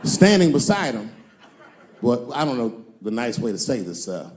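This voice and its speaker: A man performing a stand-up comedy set, telling stories with animated delivery and acting out other people's voices. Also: mid-range voice, moderate pace, noisy background. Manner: animated storytelling, acts out characters' voices.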